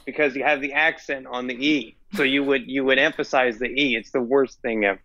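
A young man co-hosting a podcast in casual chat, talking in a hesitant, halting way and often repeating his words. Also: medium pitch, fairly even intonation, sharp tone, muffled recording, faint music behind. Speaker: podcast co-host.

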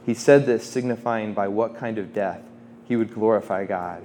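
A man in his twenties giving an informal faith talk to students, conversational, with quick asides and quotes he acts out. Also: lowish voice, steady tone, dark tone, slight background noise. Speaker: campus ministry speaker.

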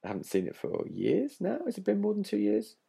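A podcast co-host chatting casually, relaxed and steering the topics. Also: mid-range voice, brisk, creaky, breathy edge. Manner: relaxed, steers the conversation and laughs often. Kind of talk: casual chat.

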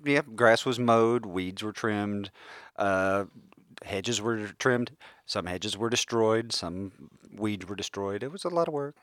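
A man with a lowish voice trades casual, wry banter. He sounds close and dry, with no room echo. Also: slow pace, a bit bright.

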